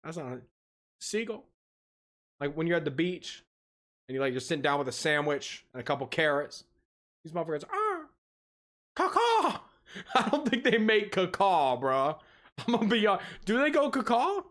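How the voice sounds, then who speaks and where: A man hosting a casual livestream, greeting his viewers in an animated, teasing way and laughing often. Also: on the high side, normal speed, pauses often. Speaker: livestream host reacting to videos.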